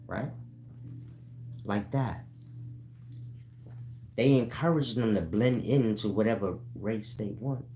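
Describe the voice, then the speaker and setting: With soft music in the background, a channel host speaks in a lowish, mellow voice, slowly and with long pauses. His monologue is casual and profane; he addresses listeners as "y'all" and repeatedly asks "you get my point?" while explaining things.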